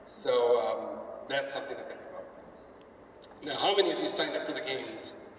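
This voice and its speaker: A man's voice: mid-range voice, normal speed, very noisy. A man casually telling a story to a convention audience, rambling and joking as he acts out bits of dialogue. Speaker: convention event organizer. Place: convention hall. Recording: echoey hall, mic from far off.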